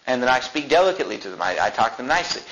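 A male pastor preaching a sermon, reading verses slowly and then explaining them with emphasis. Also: medium pitch, big pitch swings, a bit bright, highs cut off, slight background noise.

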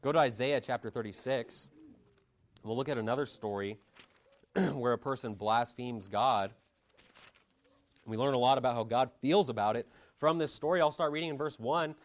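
A man preaching a sermon, reading scripture aloud and stressing points with sharp rises in pitch and volume. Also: moderate pace, pauses often. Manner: emphatic, dynamic pitch swings, reads scripture aloud.

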